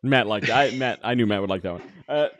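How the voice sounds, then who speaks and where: A man's voice: medium pitch, fairly quick, fairly bright tone, highs cut off. A man hosting a podcast in casual, joking chat, leading a brainstorm. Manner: jokey, leads the exercise. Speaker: podcast host.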